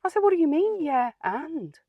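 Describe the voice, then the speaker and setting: Narrow, tinny audio with a dry sound captures a woman voicing a feisty older lady in a comic monologue. Her mid-range voice is very animated at normal speed, yet the telling stays wry, dry, plain-spoken and sardonic.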